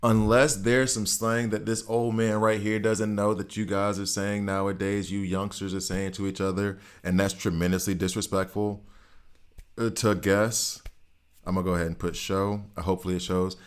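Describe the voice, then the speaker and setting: A middle-aged gaming streamer chats casually on a live stream, teasing his chat readers and reacting to the gameplay as he talks to viewers. His voice is on the low side, with a flat delivery, a moderate pace and a clean tone.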